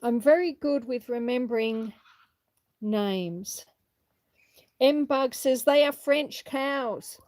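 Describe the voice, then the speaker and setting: A woman's voice: a little high, takes it slowly, pauses often, no echo. A middle-aged woman reading out viewers' comments and chatting casually as she walks around her farm. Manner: chatty, warm replies to viewers, frequent laughs. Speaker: homestead livestreamer reading chat. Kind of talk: casual live chat while walking. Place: outdoors on a farm.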